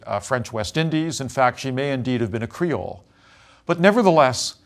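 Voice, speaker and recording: A man giving a history lecture in a measured way, pausing with frequent fillers as he talks. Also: medium pitch.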